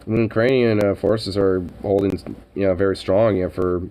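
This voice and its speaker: A man's voice: deep voice, fairly even intonation, brisk, warm tone, poor audio. A man streaming live and chatting casually, rambling with many fillers and frequent swearing.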